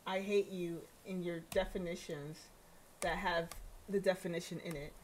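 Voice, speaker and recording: A woman's voice: on the low side, fairly even intonation, moderate pace, a little hiss or hum. A woman in her thirties streaming a game, chatting casually to herself and her viewers with giggles and musings. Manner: chatty, giggly, self-talking. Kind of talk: casual gameplay commentary.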